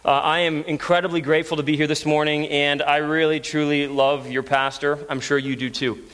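A man's voice: on the high side, flat delivery, fairly quick, a bit bright. A man in his thirties preaching as a guest, earnest and storytelling, with frequent restarts. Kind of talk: sermon.

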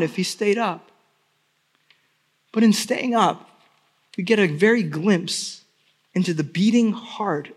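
A man delivers a sermon in a notably high voice. He preaches with emphasis and drives his points home by repeating key phrases. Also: fairly bright tone. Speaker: pastor.

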